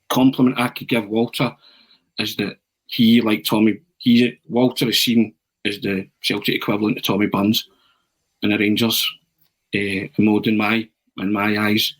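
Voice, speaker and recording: A man's voice: lowish voice, unhurried, rough recording. Man telling a long anecdote. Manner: animated storyteller, frequent restarts and "eh". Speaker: podcast pundit.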